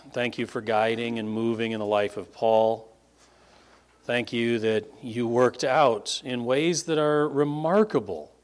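A man, a pastor preaching a sermon, stressing words with sudden high lifts and then dropping low. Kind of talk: closes in prayer.

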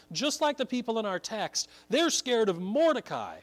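Pastor guy giving a sermon, earnest and emphatic, voice a bit on the high side. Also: sing-song, normal speed, hardly any pauses. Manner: earnest storytelling, rising to emphatic preaching.

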